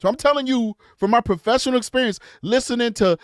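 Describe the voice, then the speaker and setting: A man's voice: very high-pitched, quick pace, smooth, no echo, studio quality. A man hosting a live true crime show, chatting casually and breaking into impassioned tangents. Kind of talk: live-stream commentary.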